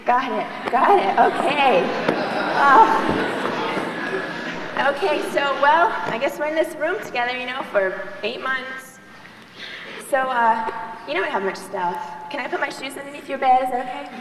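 A woman's voice: high-pitched, animated, unhurried. A young woman playing a chatty, self-absorbed college freshman in a live stage skit, gushing on and on about herself. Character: chatty spoiled female college freshman moving in. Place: large hall, on stage. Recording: echoey hall from far off, noisy.

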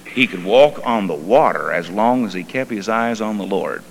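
A male pastor preaching a sermon. He tells stories softly, then rises into fervent preaching. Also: on the low side, expressive, moderate pace, creaky. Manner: quiet storytelling that swells into fervent preaching. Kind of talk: sermon with personal storytelling. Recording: long reverb and faint hum.

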